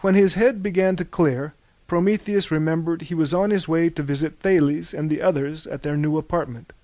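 A man narrating a story, reading with lively voices for its many characters. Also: normal speed, dry recording. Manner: animated, bursts into loud high character shouts. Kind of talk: audiobook narration.

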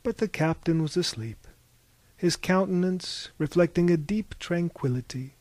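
A man reading a story aloud as narrator, with measured storytelling that rises into animated bursts. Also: a little high, no echo.

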